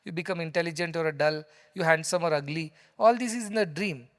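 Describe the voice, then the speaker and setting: A man's voice: on the high side, brisk. A man with an Indian English accent giving a conversational spiritual discourse, explaining with stories and emphasis. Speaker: spiritual teacher. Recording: long hall reverb.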